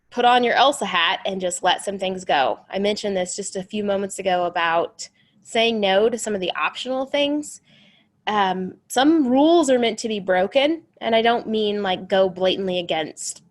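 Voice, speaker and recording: A woman in her thirties hosting a chatty, rambling motivational pep talk with an encouraging tone. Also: mid-range voice. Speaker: host.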